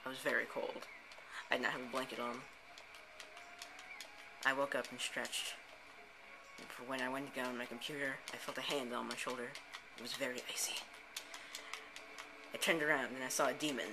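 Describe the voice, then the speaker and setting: A man's voice: medium pitch, little pitch movement, moderate pace, long pauses, noisy background. A man, the host of a gameplay channel, improvising a rambling story full of "and then, like" restarts. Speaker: let's play host. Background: background music.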